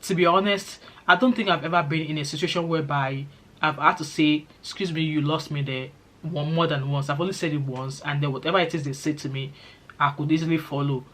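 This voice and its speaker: A middle-aged woman with a Nigerian accent talks straight to her vlog audience. She is chatty and reassuring, and drops into pidgin phrases now and then. Her delivery is relaxed and conversational. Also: low voice, quick pace. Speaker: vlogger. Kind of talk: casual vlog chat.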